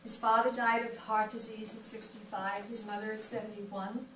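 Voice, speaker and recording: An older woman giving a personal wellness talk at a library event, telling her story in an animated way and acting out the dialogue. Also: mid-range voice, normal speed. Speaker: wellness speaker. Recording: echoey room from far off, noisy.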